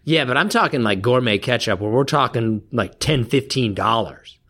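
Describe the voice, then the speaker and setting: Blunt, teasing man with lively pitch. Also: moderate pace. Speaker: podcast co-host. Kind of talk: casual chat.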